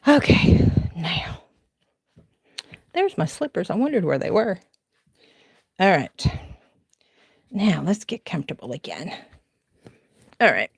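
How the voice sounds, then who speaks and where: This woman in her forties with a Southern accent speaks slowly in a fairly low, creaky voice with a breathy edge, very animated and leaving long pauses. She wanders through her home on a casual late-night crafting stream, rambling, laughing and talking with viewers. There's no room sound.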